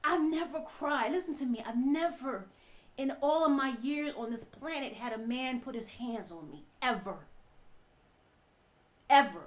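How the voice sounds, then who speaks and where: Woman, fairly high voice, emotional first-person storytelling, halting delivery with frequent restarts. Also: expressive. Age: adult mother. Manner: halting, many restarts, acts out quoted dialogue. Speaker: vlogger telling a personal story.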